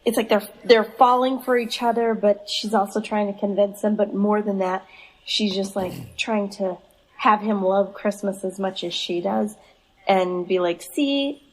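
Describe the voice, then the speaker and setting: A woman's voice: mid-range voice, flat delivery, moderate pace, low-quality recording. A woman guest on a podcast, chatting casually about a movie and acting out the characters' lines. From Los Angeles area. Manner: chatty, acts out quotes from characters. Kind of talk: casual movie review chat.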